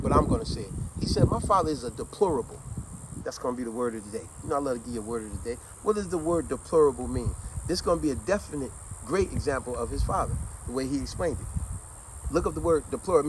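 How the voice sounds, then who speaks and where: A middle-aged man casually telling a childhood story to camera in a conversational, slangy, animated way. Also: a little high, a little hiss or hum, low-quality recording.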